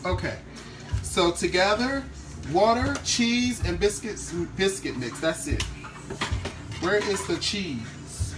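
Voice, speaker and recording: This man from Maryland's Eastern Shore, USA, carries a hint of the local accent as he hosts a live cooking stream, chatting casually with viewers in his home kitchen. His voice is high-pitched and expressive, slow and full of pauses, with music underneath.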